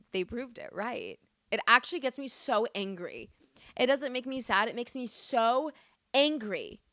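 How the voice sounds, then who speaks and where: A woman's voice: a little high, bright, forceful tone, no room sound, studio quality. A young woman vlogging her opinions in a casual, emphatic chat, full of restarts and swearing.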